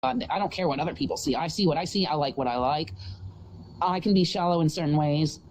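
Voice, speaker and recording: A woman ranting and swearing on a live stream, outdoors in a parking lot, her pitch swinging high and low. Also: fast, a little hiss or hum, poor audio. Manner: profane, shouting, swinging pitch.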